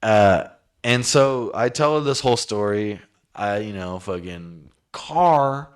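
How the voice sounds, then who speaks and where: A man's voice: lowish voice, lively intonation, takes it slowly, smooth. A man hosting a podcast, telling a story in a profane, rambling, self-mocking way. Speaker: podcast host. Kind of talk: casual storytelling.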